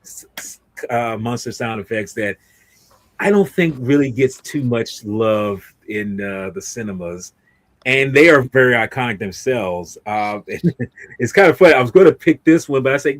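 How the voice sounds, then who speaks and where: A man's voice: mid-range voice, expressive, moderate pace, no room sound. Rambling male livestream host, dry sound. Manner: rambling, many restarts and fillers. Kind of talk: casual livestream chat.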